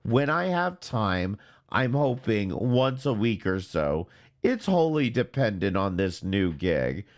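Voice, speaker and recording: A man hosts a casual commentary show and delivers his remarks slowly and sarcastically. His voice sits low, but it rises and falls a great deal. The whole delivery stays dry and deadpan. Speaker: commentary channel host.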